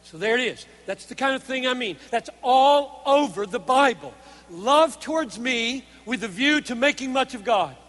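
A male preacher with a strikingly high voice delivers an earnest sermon. He drops to hushed tones and then presses his points with force. A long hall reverb trails after his words. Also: animated, moderate pace. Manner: earnest, emphatic, shifts between hushed and forceful.

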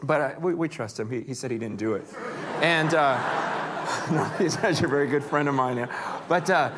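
A man preaching a sermon, telling stories with energy and swinging between hushed and excited moments. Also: medium pitch, brisk, very noisy. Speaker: pastor.

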